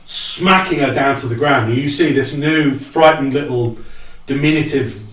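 A man running a tabletop game as game master, narrating scenes and guiding players through combat. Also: medium pitch. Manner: slow, unhurried storytelling with lively intonation. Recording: roomy, distant, noisy home recording.

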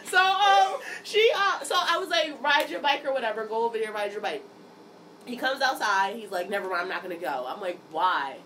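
A woman in her thirties, chatting casually and telling animated stories, acting out quotes, swearing and laughing often. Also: fairly high pitch, brisk. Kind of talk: casual chat. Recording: distant mic, noisy background.

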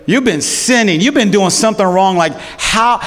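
Judgmental buddies needle a suffering friend in a casual, slangy, fairly high voice, as a preacher acts them out. The lines echo in a long hall reverb. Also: male voice, moderate pace, fairly bright tone. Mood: accusing. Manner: slangy, accusing.

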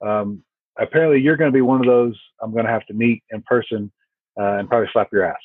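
A man chatting as a podcast guest, telling rambling, profane stories full of fillers. His voice is husky and a little rough. He comes through a thin, tinny phone-like line with no room sound at all. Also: lowish voice, fairly even intonation, fast, no room sound. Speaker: podcast guest, firearms instructor. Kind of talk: casual chat.

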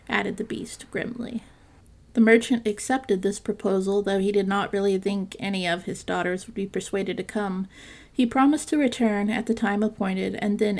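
A woman narrating a classic fairytale in a calm, measured storytelling reading. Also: mid-range voice, vocal fry.

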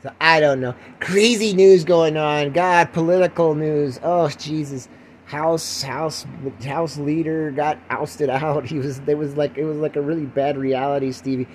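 An older man hosts a rambling solo podcast, lying at home with the window open and poking fun at himself, sometimes slipping into mock voices. His voice is on the high side with fairly even intonation and a slightly slow pace, over slight background noise.

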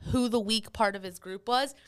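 Playful, clear-voiced woman podcast host. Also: on the high side, normal speed. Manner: playful, teasing, laughs often. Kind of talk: casual chat.

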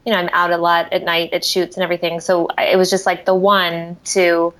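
A woman's voice: on the low side, monotone, fairly quick, fairly bright tone, rough recording. A woman in her thirties, a mother who runs her own business, chatting casually, laughing often and trailing off mid-thought. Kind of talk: casual conversation.

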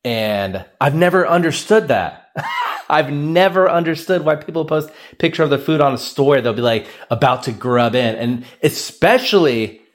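Here a young man with a slightly high voice and ordinary pace runs his own podcast, spinning funny stories by himself. He rambles, laughs at his own expense, and performs the quotes with energy, recorded through a cheap microphone.

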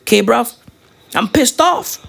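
A man's voice: very high-pitched, lively intonation, slow, vocal fry, a bit bright, slightly rough. A man ranting about his football club in a casual, slangy style, swearing and tagging his lines with "right?" and "bruv". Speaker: football fan vlogger.

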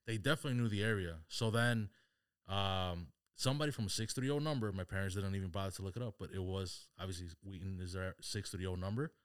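Low-pitched male co-host, casual, animated storyteller, code-switches with Spanish. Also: quick pace, clean tone, no room sound, studio quality. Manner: animated storyteller, mixes Spanish phrases, laughs mid-story. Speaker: podcast co-host.

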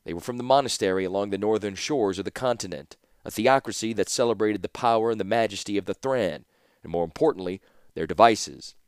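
A man reading a fantasy novel aloud in an even, measured narration. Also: on the low side, smooth, no echo, clean studio sound. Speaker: audiobook narrator. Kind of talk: scripted narration.

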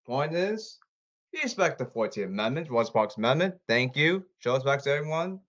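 Man, solo podcast rant, repetitive and halting, slightly muffled lo-fi sound. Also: mid-range voice, very animated, a bit bright. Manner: repetitive, pleading, halting delivery. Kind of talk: rambling solo monologue. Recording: slightly dull lo-fi audio.

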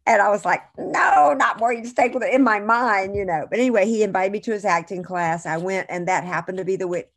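A woman's voice: mid-range voice, steady tone, fast. A woman guest in an interview, telling a long story in a chatty, digressive way and correcting herself as she goes.

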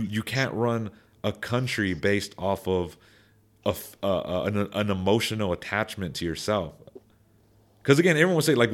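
Young guy, kinda low voice, rambling podcast talk, lots of restarts and "like"s. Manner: rambling, many restarts and repeated words, animated asides. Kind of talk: casual opinion chat.

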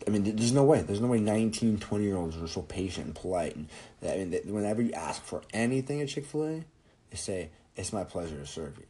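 Low-voiced profane young podcast host. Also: male voice, animated, quick pace, warm tone, breathy edge, poor audio. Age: 20s. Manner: profane, rambling, jokey. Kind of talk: casual solo podcast monologue.

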